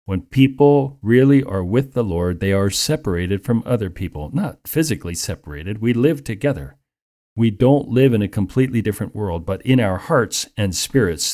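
A man preaching a sermon in an earnest, measured way, lifting his voice for emphasis. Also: on the low side, darkish tone.

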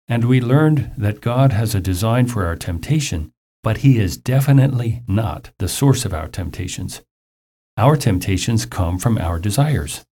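A male pastor delivers a sermon with a low, mellow voice. He speaks in a measured way and addresses his listeners directly.

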